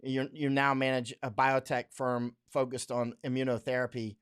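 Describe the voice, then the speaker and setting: This American livestream host has a medium-pitched, smooth, fairly bright voice with a level tone and moderate pace. He reads viewer comments aloud on a studio microphone in a casual, blunt, rambling way, often laughing and putting on mocking voices to quote others.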